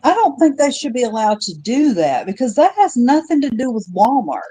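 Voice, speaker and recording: A woman's voice: high-pitched, big pitch swings, brisk, warm tone, husky, no echo, rough recording. A woman co-hosting a casual chat, breaking in with wry jokes. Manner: wry joking interjections.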